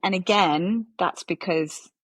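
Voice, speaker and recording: Podcast host: woman, deep husky voice, brisk questions and short reactions. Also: fairly bright tone, no echo. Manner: brief prompts and quick reactions. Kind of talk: conversational interview.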